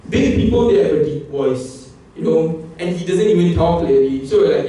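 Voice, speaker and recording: A young man giving a humorous, emphatic competition speech, at times climbing into excited outbursts. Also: on the high side, a little fast. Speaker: public speaking contestant. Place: competition hall. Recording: echoey hall from far off.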